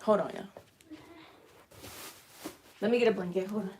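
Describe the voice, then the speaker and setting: A woman's voice: mid-range voice, steady tone, normal speed, darkish tone, slight background noise. A woman hosting a casual live stream from her living room, chatting straight to her viewers and explaining each step as she makes merch. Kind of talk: casual live chat while crafting.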